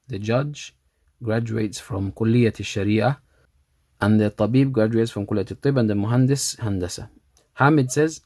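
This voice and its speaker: A man's voice: mid-range voice, darkish tone, no echo. Methodical male Arabic teacher, dry sound. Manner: reads Arabic lines slowly, repeats them, then translates. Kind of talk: explaining a textbook dialogue.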